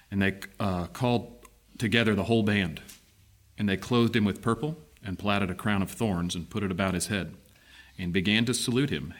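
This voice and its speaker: Low-voiced man reading scripture. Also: steady tone, a little fast, a bit bright. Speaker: scripture reader.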